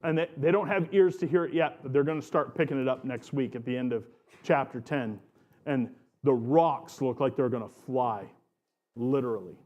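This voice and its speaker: A man's voice: medium pitch, moderate pace, dull audio. A man preaching a sermon as pastor of his church, earnest and emphatic, stretching out key phrases.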